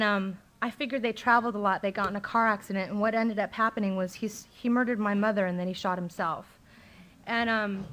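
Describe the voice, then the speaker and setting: A woman's voice: mid-range voice, fairly bright tone. A middle-aged woman speaking at a recovery meeting, telling her personal story candidly and conversationally, with frequent ums and likes. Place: meeting room, live talk recording.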